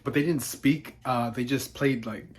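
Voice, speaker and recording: A man's voice: mid-range voice, measured pace. A young man telling a storytime vlog with sarcastic, profane humor. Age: young adult. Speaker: vlogger.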